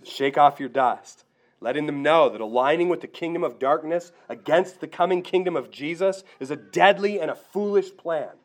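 A man's voice: a little high, normal speed. A man preaching a sermon, earnest and direct, asking his listeners rhetorical questions. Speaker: pastor.

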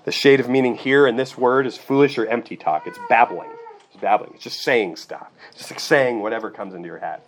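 A man's voice: medium pitch, a little fast, a little hiss or hum. A man preaching a sermon, teaching in a conversational way and often checking in with his listeners with "okay" and "right.". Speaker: pastor.

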